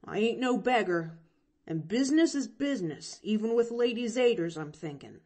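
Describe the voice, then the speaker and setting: A woman's voice: mid-range voice, lively intonation, normal speed, a little mellow, lightly acted. A woman reading an audiobook, voicing a proud, scrappy orphan boy who talks bluntly in a folksy dialect.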